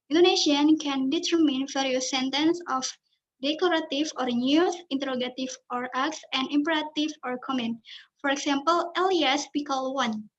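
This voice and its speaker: Female student presenter, high voice, careful halting read, dull recording. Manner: careful, halting reading with restarts. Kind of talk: reading a class presentation.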